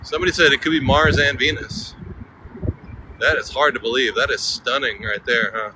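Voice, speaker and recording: A man's voice: mid-range voice, fairly even intonation, normal speed. Joking man live-streaming outdoors. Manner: joking, chatty, breaks into off-key singing. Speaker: vlogger. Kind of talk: live-stream walking chat with viewers. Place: outdoors on a bridge with traffic. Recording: outdoor street recording, noise behind.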